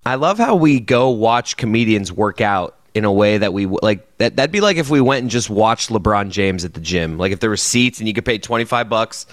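A man's voice: lowish voice, expressive, brisk, hardly any pauses. A man co-hosting a podcast, chatting in an easygoing, joking way. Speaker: podcast co-host. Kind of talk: casual chat.

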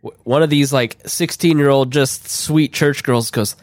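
An American podcast co-host telling a funny story in a casual, joking way and asking the others playful questions. The voice sits in a middle pitch and sounds dry and close, with no room echo. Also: moderate pace. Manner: playful, asks questions, tells stories with quoted voices.

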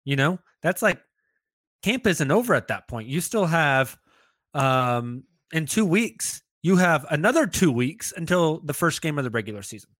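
A man co-hosting a podcast, talking in a chatty, animated way with quick asides. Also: fairly high pitch, no room sound, clean studio sound. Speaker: podcast co-host. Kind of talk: casual sports chat.

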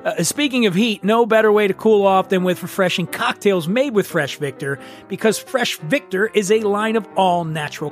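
A man hosting a podcast and reading sponsor ads in a jokey, rambling, self-mocking way. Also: sits high. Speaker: podcast host. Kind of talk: casual ad read.

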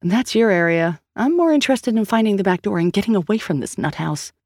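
A woman narrator voicing a brisk, wry female investigator with a slightly raised voice. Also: medium pitch, animated, a little mellow, no room sound, studio quality, voice pushed up.

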